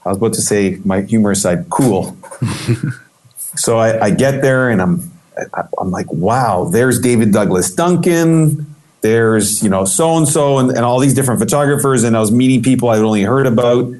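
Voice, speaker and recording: A man telling a story in an interview as a guest, animated and acting out the voices he quotes, with many restarts. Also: mid-range voice, normal speed. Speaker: guest photographer.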